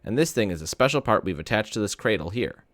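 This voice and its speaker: A man's voice: lowish voice, expressive, fast, no echo, clean studio sound, close to an everyday voice. A man reading aloud, voicing a friendly, upbeat ear doctor who reassures a boy in a playful way. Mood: reassuring.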